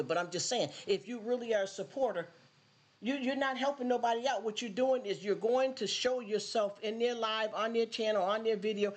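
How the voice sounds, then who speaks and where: Blunt, scolding woman live-streaming. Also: fairly high pitch. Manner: blunt, scolding, repeats phrases for emphasis. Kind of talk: casual live-stream rant.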